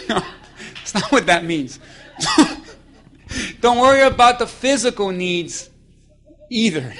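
A man with a high, bright voice delivers a lively church sermon. He preaches playfully, drawing answers from the congregation and slipping into acted-out voices to make his points. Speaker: pastor.

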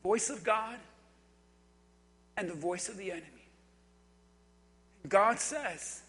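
Male preacher, high bright voice, deliberate pace, hall reverb. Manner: emphatic, repetitive, drops to quiet intensity. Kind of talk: sermon. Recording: echoey hall.

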